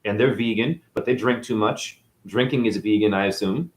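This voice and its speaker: A man's voice: fairly low pitch, normal speed. Guy going off on a spiritual rant, cussing, cocky and preachy, roomy echo. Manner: preachy, defiant, swearing, mocking asides. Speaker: spiritual teacher. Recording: echoey room.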